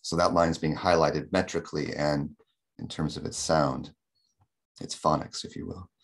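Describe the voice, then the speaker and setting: A man lecturing on poetry in a webinar, speaking carefully, repeating words and slowing right down to read verse aloud. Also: rumbling low, steady tone, creaky. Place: home or office, on a webinar. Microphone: computer microphone on a video call.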